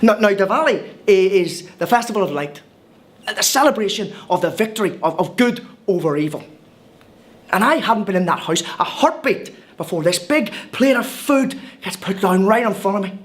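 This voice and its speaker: Timmy, a chatty, wide-eyed Irish newcomer. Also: male voice, sits high, lively intonation, moderate pace. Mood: wry storytelling. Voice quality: chatty, wry storytelling with hesitant restarts. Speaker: monologue narrator. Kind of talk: scripted comic film monologue.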